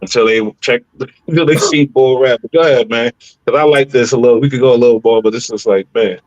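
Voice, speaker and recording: Blunt podcast co-host, a bit dull-sounding. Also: male voice, mid-range voice, darkish tone, no room sound. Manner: pauses a clip to jump in with blunt, mocking remarks. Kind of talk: casual podcast commentary.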